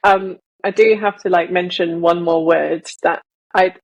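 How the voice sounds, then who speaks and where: Husky-voiced woman from Malaysia, chatty. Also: fairly low pitch, steady tone, unhurried, lo-fi sound. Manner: chatty, explains at length. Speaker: podcast co-host. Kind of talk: casual chat.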